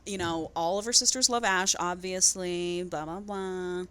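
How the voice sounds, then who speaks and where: A podcast co-host with a lowish, clean-toned voice speaks a little slowly while casually going over a book's plot. She's an animated storyteller, acting out lines spoken by the characters.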